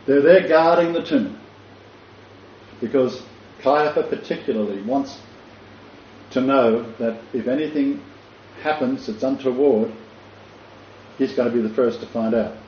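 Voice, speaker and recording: A man's voice: mid-range voice, a little slow, pauses often. A man teaching a sermon, telling the story vividly with frequent restarts and chuckles. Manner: imaginative, rambling with restarts and chuckles. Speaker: Bible teacher. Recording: dull echoey room with faint noise.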